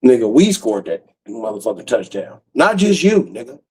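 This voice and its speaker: A man's voice: mid-range voice, sing-song, normal speed, darkish tone, slightly rough, low-quality recording. A man talking to his viewers in a loose, profane, rambling late-night livestream chat, laughing often.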